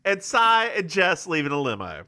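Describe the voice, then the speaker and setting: Bright, lively, slow-talking male podcast host. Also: fairly high pitch. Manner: campy, giggly, recounts scenes with quoted bits. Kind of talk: casual chat recapping a TV episode.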